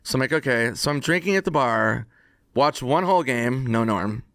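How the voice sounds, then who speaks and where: A man on a podcast telling a casual anecdote in an animated way, acting out the quoted dialogue. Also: medium pitch, normal speed, no room sound, studio quality. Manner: animated storyteller who acts out quoted dialogue. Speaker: podcast guest.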